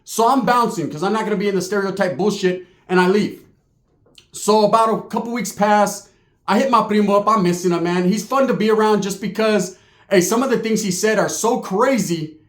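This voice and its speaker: A man's voice: high voice, a little fast, roomy sound. Profane, streetwise male storyteller. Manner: casual, profane, streetwise slang. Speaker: comedian. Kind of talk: comedic storytelling.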